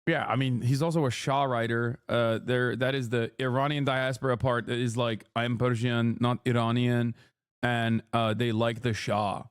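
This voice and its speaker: A man's voice: mid-range voice, fairly even intonation, normal speed, hardly any pauses, clean tone. A man in his thirties giving casual reaction commentary on a stream, heated and sarcastic, swearing and laughing often.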